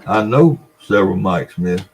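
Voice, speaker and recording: An older man with a Southern US accent and a low-pitched voice tells rambling, folksy stories. He chats casually on a livestream and talks straight to his viewers. A faint background hiss runs under his voice. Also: expressive, normal speed, a little mellow, low-quality recording. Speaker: livestream host. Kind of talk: casual livestream chat, reading viewer comments.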